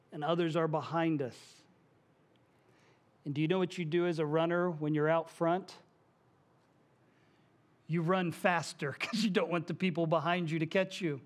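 A male pastor preaching a sermon to his congregation in a church, conversational, with asides and small jokes. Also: on the high side. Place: church sanctuary.

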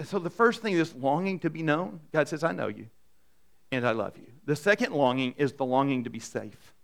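A man preaching a sermon to a congregation in a conversational, animated way, often asking the room questions. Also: fairly high pitch. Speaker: pastor. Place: church in front of a congregation.

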